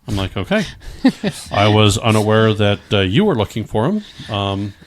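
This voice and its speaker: Middle-aged man, lowish voice, casual storytelling, stammers and restarts, swears freely. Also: sing-song, normal speed. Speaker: guest telling his story.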